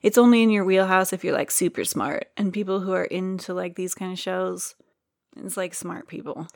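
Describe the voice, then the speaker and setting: A woman's voice: fairly low pitch, steady tone, moderate pace, creaky, darkish tone, no echo, studio quality. A woman co-hosting a podcast in casual chat, joking and self-deprecating, swearing now and then. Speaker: podcast co-host.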